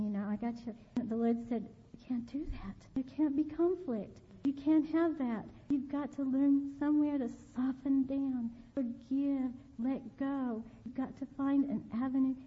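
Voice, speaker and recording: Older woman, high voice, earnest sermon testimony, repeats phrases, thin phone-like sound. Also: normal speed, hardly any pauses, husky. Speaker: preacher. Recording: tinny phone-like sound with long reverb.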